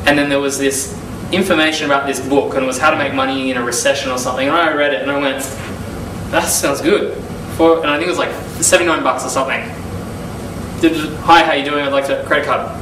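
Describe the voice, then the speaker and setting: A young man recounts his early business days in a casual, animated way, slipping into the voices of the people he talked to. He sounds set back from the mic in an echoey room, with steady noise behind him and a middling pitch. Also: fast talker, distant mic. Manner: animated storyteller, acts out phone calls and quotes. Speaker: business consultant giving a testimonial. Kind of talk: casual storytelling testimonial.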